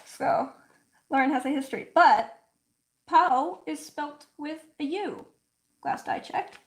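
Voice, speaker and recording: A woman hosting a casual livestream, chatting and telling stories with lots of "like" fillers. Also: sits high. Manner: chatty, frequent "like" fillers, storytelling; slow, thoughtful explaining. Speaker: livestream host.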